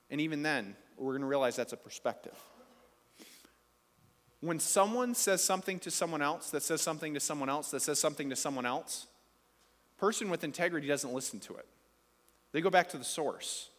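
A man in his thirties delivers a sermon from the front of a church, leaning on repetition and punching his key phrases. His voice sits a little high for a man. The sound carries a long reverb from the hall around him. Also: fairly bright tone. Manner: emphatic, repetitive preaching with rising, punchy phrases. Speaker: pastor.

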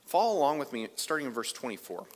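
A man preaching a sermon as pastor, conversational, moving between loud emphasis and quiet asides. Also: mid-range voice, big pitch swings, fast talker. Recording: long reverb of a large hall.

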